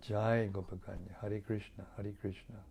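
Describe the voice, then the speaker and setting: An older man with a raspy, gravelly voice that sits low and mellow. He talks gently and humbly, reflecting as a spiritual teacher who answers listeners over an online call. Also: level tone, moderate pace, a little hiss or hum. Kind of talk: casual devotional chat after a reading.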